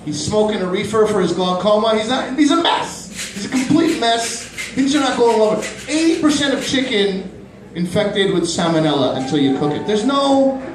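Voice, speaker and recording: A man in his thirties doing a stand-up comedy set in a small club, animated and quick to jump into high-pitched voices for his bits. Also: background noise. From Pakistani family, grew up in Canada. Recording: roomy club from a distant mic.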